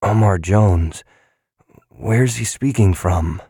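A man voicing a confused, hopeless man who speaks thickly and haltingly. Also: low voice, vocal fry, a little mellow, dry recording, clean studio sound. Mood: dazed.

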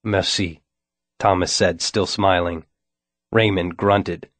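A man narrating a novel in the first person with a wry, deadpan delivery. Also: on the low side, moderate pace, no room sound. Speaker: audiobook narrator.

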